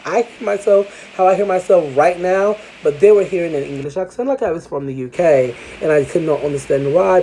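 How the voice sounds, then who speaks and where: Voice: mid-range voice, brisk, few pauses, warm tone, a little hiss or hum, low-quality recording. A vlogger telling a personal story to the camera in a candid, chatty way, with casual swearing.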